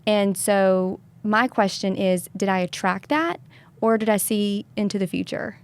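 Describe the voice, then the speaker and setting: A woman hosting an interview, asking her guest a question about her own experience in a measured way. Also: medium pitch, smooth. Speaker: show host. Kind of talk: interview conversation.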